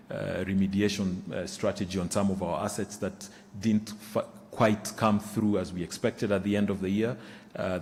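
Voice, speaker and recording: Man, lower voice, halting results presentation full of fillers, hall reverb. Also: a little mellow, a little hiss or hum. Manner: halting, many fillers and restarts. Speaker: bank executive presenting results. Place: conference room.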